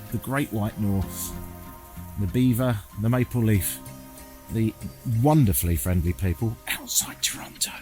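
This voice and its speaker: A man making a casual travel vlog while walking outdoors, sardonic and self-mocking, swearing freely. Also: fairly low pitch. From England. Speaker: travel vlogger. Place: outdoors, walking through a town.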